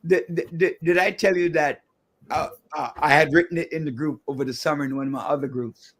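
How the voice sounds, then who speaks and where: A man's voice: fairly high pitch, fairly even intonation, a little fast. A man hosting a radio talk show in a studio, chatting casually and airing his opinions as he thinks aloud.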